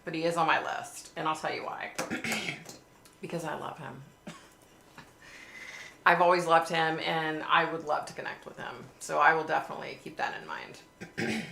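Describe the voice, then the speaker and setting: A woman's voice: low voice, fairly even intonation, normal speed, creaky, long pauses, sharp tone. A woman hosting a casual livestream, chatting and reading viewer comments aloud. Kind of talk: casual live chat. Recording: echoey room with faint hiss.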